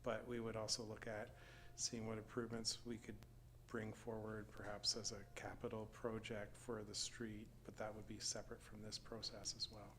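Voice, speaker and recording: A man, a city staff director, explaining a procedural matter to a committee in a measured, formal way. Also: fairly low pitch, flat delivery, a bit bright, a little hiss or hum. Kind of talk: answering a question in a meeting.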